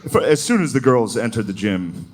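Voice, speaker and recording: A man's voice: mid-range voice, very animated, normal speed. Crude, profane man in a noisy recording. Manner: crude, profane, laughing through his lines. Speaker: stand-up comedian. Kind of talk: stand-up comedy set.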